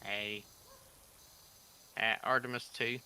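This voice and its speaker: A man chatting casually, slow and hesitant with many fillers. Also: fairly low pitch, little pitch movement, bright, forceful tone, clean tone. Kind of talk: casual chat.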